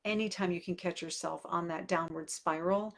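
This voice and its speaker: A woman's voice: on the low side, fairly even intonation, normal speed, vocal fry. A woman in her forties, a parenting coach, talking candidly and conversationally to her viewers, with many fillers. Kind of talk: casual direct-to-camera talk.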